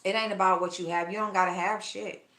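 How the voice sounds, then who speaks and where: A woman's voice: mid-range voice, fairly even intonation, fast talker, a bit bright. Chatty woman vlogger in an echoey room. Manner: chatty, blunt, gossipy, calls viewers y'all. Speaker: vlogger talking to her live chat. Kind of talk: casual chat while cooking.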